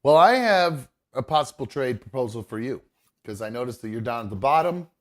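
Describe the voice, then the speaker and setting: A man's voice: medium pitch, sing-song, fairly quick. A man hosting a live podcast, talking in a loose, joking, profane way with lots of fillers. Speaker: podcast host. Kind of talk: casual live show chat.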